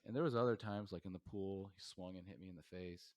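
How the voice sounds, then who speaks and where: A man in his thirties from New York State, USA, speaks fast in a low, slightly mellow voice with no room sound. He's a professor appearing as a podcast guest, rambling with lots of fillers and restarts in casual interview storytelling.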